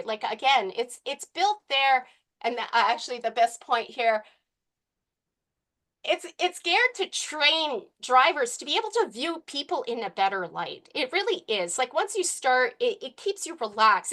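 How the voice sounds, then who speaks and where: A woman's voice: on the high side, bright, forceful tone. A woman speaking earnestly as a committee member at a public meeting, rambling with fillers and restarts.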